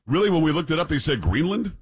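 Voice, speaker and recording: A man's voice: a little high, sing-song, fast talker, breathy edge. A man hosting a podcast, chatting casually and reading news aloud, joking and tripping over foreign names. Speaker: podcast host.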